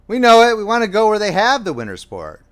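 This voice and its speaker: Um homem fazendo um jovem oficial americano animado. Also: male voice, sits high, wildly swooping pitch, fast talker, a bit bright, smooth, pitched above the performer's own voice, heavily acted. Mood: earnest. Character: lively young American officer on the run.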